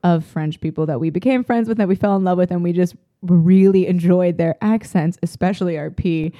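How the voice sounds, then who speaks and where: Giggly woman with a mellow voice. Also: lowish voice, a little fast, no room sound, clean studio sound. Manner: giggly, warm storyteller, laughs often. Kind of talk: casual chat.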